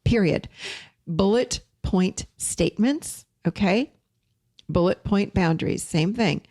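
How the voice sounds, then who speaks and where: A woman's voice: medium pitch, slow, mellow, dry recording, studio quality. A woman hosting a casual talk to listeners, speaking emphatically and repeating key phrases for weight. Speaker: podcast host and teacher.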